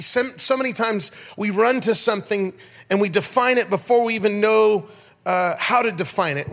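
A middle-aged man preaches a sermon in an animated, storytelling way. His speaking voice sits somewhat high for a man. He often breaks off to call out to his congregation. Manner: animated storyteller, rhetorical calls to the crowd. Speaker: pastor.

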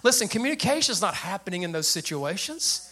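An older man, a grandfather, preaching a sermon to his church in an animated, plain-spoken way. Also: brisk, slightly rough. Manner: animated preacher with a light, high voice and plain speech. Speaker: pastor.

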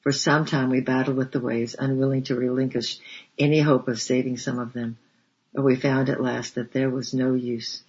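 A man narrating a storybook in a measured, steady reading voice. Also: mid-range voice, husky. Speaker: audiobook narrator. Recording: dull lo-fi recording.

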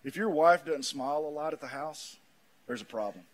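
A man preaching a sermon in a folksy manner, swinging from shouts down to low, quiet lines. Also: lively intonation, brisk. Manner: folksy, says "man" often. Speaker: pastor.

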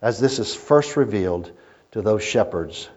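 A man preaching a sermon as a pastor, telling stories and swinging between loud emphasis and quiet asides. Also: on the low side, expressive, moderate pace, breathy edge. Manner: storytelling preacher, rising and falling in intensity. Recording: muffled lo-fi recording.

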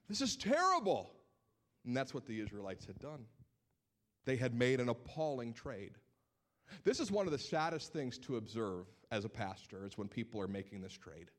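A male pastor preaching a sermon, telling stories in an animated way and repeating words as he builds his points. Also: mid-range voice.

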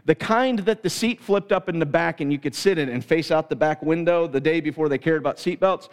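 A middle-aged man from Pennsylvania, a pastor delivering a sermon through an animated, self-mocking story. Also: fairly high pitch, a little fast, clear, resonant tone, in a large hall.

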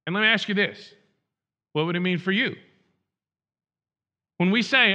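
A man's voice: high-pitched, normal speed, pauses often, pushed and bright, lo-fi sound. A male pastor preaching a sermon, earnest and pleading, repeating phrases and restarting his sentences.

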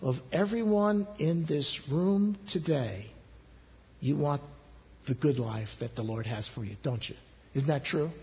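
A man preaching a sermon as pastor, earnest, his pitch rising on pleading questions and dropping low and soft for intimate appeals. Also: a little slow, slight background noise. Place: church sanctuary. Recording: husky voice in a long-reverb church hall, dull lo-fi sound.

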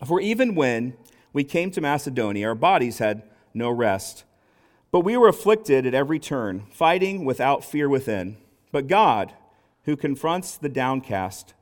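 A middle-aged man giving a casual sermon in a conversational, halting way, often restarting his sentences. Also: a little high. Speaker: lay preacher.

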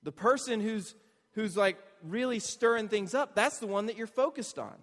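A man preaching a conversational sermon, animated and asking the listeners rhetorical questions. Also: high voice, normal speed, in a large hall. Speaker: pastor.

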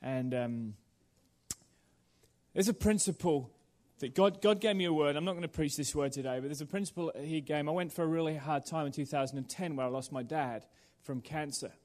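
A young man preaches in a church, talking informally and throwing in asides and jokes for the congregation. His voice sits a little high for a man. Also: brisk, darkish tone. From England. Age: young adult. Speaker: guest preacher. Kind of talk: sermon. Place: church sanctuary before a congregation.

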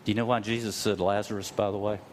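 A middle-aged man preaching a sermon, telling stories at an easy pace, slowing down to stress key words and sometimes rising to a loud cry. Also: fairly low pitch, level tone, a little hiss or hum. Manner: storytelling preacher, slows for emphasis, rises to loud cries. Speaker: pastor.

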